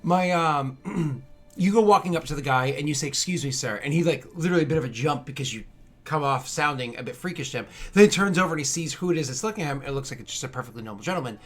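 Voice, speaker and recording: A man's voice: a little high, expressive, fast talker. A man in his thirties narrating a tabletop game as game master, loose and rambling with many fillers and restarts.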